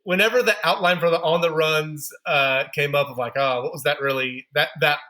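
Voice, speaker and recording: A man in his thirties speaks as a podcast guest, his voice pitched a little high and notably bright and forceful. He tells his story candidly and pokes fun at his own shortcomings. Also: fairly even intonation, brisk. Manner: candid, self-deprecating storyteller. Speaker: podcast guest, running store founder.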